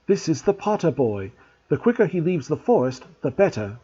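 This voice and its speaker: A man voicing a calm, grave young male centaur in a measured, solemn way, on a dull lo-fi recording. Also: a little high, a little hiss or hum.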